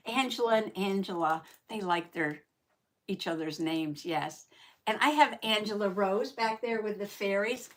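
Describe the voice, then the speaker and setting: Slow-talking folksy woman host. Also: mid-range voice. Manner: folksy, greets viewers with repeated howdys and soft laughs. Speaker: host of a journaling live stream. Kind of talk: casual live-stream chat.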